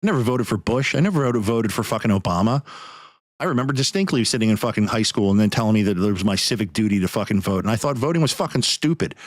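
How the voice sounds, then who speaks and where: In a heated podcast rant, a male host vents his anger and swears heavily throughout. His voice sits lowish and animated, and he talks fast. The recording is dry and of studio quality.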